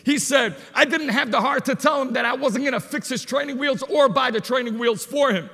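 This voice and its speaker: A man preaching a sermon as an evangelist, telling stories with animated delivery and shouting at the high points. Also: brisk, gravelly, in a large hall. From Portuguese parents.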